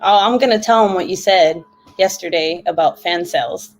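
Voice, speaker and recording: A woman's voice: fairly low pitch, moderate pace. A woman hosting a casual craft livestream, chatty and laughing often.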